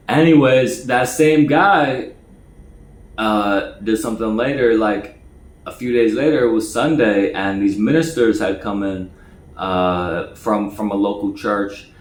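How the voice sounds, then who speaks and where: Male storyteller, casual, stammering and repeating himself, slightly low voice, roomy echo. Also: slow. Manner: stammers and repeats words, acts out quoted voices higher and louder. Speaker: storyteller recounting his past. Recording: echoey room.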